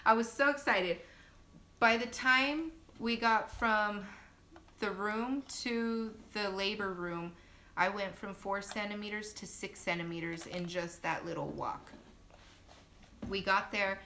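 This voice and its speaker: Bright-voiced young mom telling a story. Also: female voice, takes it slowly. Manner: chatty, talks to viewers directly. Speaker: new mother sharing her birth story. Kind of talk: casual storytelling on a livestream. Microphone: phone livestream. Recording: low-quality livestream audio with faint noise.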